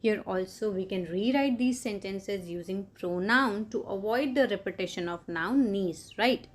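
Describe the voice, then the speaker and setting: A woman teaches a grammar lesson to children at a slow, deliberate pace, speaking at a mid pitch. She checks in often with the class and pauses on fillers while she builds each point. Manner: slow, explains step by step, often asks "Clear?" and "right?"; frequent "uh" fillers.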